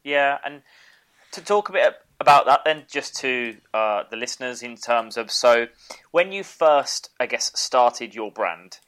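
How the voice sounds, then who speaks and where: Brief: man, podcast host, smooth resonant voice, agreeable and encouraging. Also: medium pitch, lively intonation, measured pace, fairly bright tone. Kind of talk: casual podcast interview.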